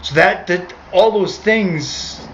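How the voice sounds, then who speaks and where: A man's voice: sits high, slow, a bit bright, a little hiss or hum. A man telling a personal story in a casual, rambling way, correcting himself as he goes, on a dull lo-fi recording. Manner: rambling, self-correcting, conversational. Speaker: street musician telling a story.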